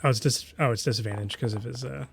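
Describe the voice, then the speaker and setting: Male game master, halting descriptive narration, home mic. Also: medium pitch, creaky. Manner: halting, filler-heavy description.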